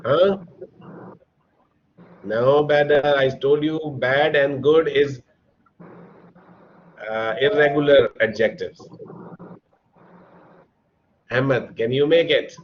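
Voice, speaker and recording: A man's voice: medium pitch, steady tone, extremely slow, pauses often, a little hiss or hum. A man teaching an online grammar class, explaining patiently and spelling words out letter by letter. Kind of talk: online English grammar lesson. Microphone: computer mic on a video call. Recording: dull lo-fi online call audio.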